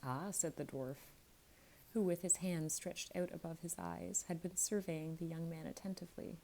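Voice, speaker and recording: Woman with a deep gravelly voice reading a bedtime story, mellow and dark. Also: fairly even intonation, moderate pace, slight background noise, rough recording. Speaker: audiobook reader.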